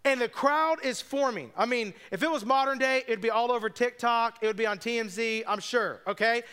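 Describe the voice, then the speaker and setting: In a smooth, bright voice pitched high, a male pastor delivers his sermon. His storytelling moves with rapid asides, and he gives the people in the tale their own voices.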